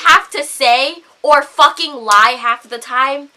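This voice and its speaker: A woman's voice: sits high, slow pace, pushed and bright, a little hiss or hum. A young woman vlogger ranting to camera, heated, swearing a lot and saying "like" constantly.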